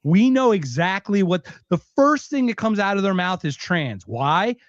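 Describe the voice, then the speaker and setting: A man's voice: sits high, sing-song, measured pace, no echo, muffled recording. A man co-hosting a podcast, reacting to clips with heated, mocking, profane commentary. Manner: heated, mocking, swears constantly. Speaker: podcast co-host.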